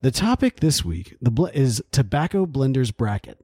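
A man's voice: medium pitch, big pitch swings, normal speed, mellow, husky, dry recording. A man hosting a podcast, upbeat and teasing as he moves the show along. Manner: upbeat and teasing, drives the segments. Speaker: podcast host. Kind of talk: casual chat.

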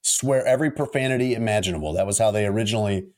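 A man's voice: fairly low pitch, very fast, darkish tone. A man co-hosting a sports podcast, telling a story in casual chat with a wry, amused manner. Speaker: podcast co-host.

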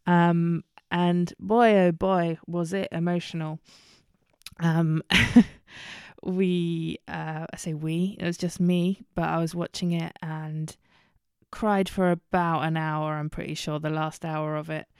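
A woman's voice: lowish voice, little pitch movement, slow pace, a little mellow, smooth, no room sound, clean studio sound. A woman hosting a casual solo podcast, chatty and candid, with lots of ums and self-corrections. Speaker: podcast host.

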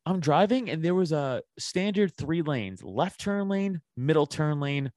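A man, a podcast guest, telling a story in casual chat, animated and full of swearing. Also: fairly high pitch, unhurried, no room sound, studio quality.

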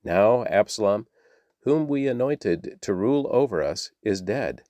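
A man's voice: fairly low pitch, lively intonation, a little slow, warm tone, no room sound. A man reading the lines of a group of townspeople, reasoning and questioning.

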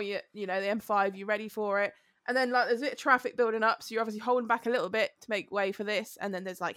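A woman telling a driving story in casual chat, animated and swearing freely. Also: mid-range voice, no room sound. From England.

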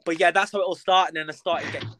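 A chatty young man talks as a guest on a podcast, camp and expressive. His voice is bright and slightly high. The sound is dry, with no room around it. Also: racing, no echo. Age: young adult. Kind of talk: casual interview chat.

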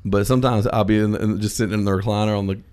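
Brief: deep-ish, blunt, profane man in casual chat. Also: steady tone, very fast, darkish tone, smooth. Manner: blunt, opinionated, swears.

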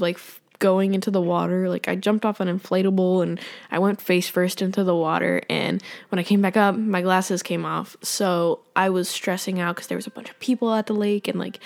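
A young woman talks off the cuff on her own podcast, rambling from thought to thought with lots of fillers. Her voice sits at an ordinary middle pitch, and she slips in small laughs as she goes. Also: steady tone, moderate pace, gravelly. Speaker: podcast host. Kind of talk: casual faith podcast monologue.

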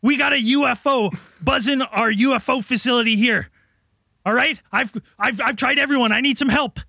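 Man doing a frantic, shrill military commander. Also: normal speed, gravelly, pushed and bright, dry recording, clean studio sound, heavily acted. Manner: blustering, swears constantly. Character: frantic shouting male American commander.

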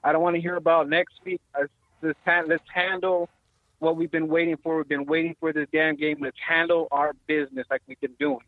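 Hyped fan calling in on a tinny phone line. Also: male voice, a little high, flat delivery, brisk, no echo. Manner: hyped, boastful, trash-talking fan. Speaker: caller. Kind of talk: call-in to sports radio.

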